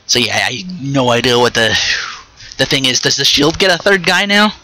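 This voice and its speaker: A man hosting a casual solo podcast, rambling and restarting his sentences, with quick asides while he plays a game. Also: mid-range voice, lively intonation, sharp tone, poor audio. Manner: rambling, stops and restarts mid-thought; chatty, with short asides while playing a video game. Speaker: podcast host.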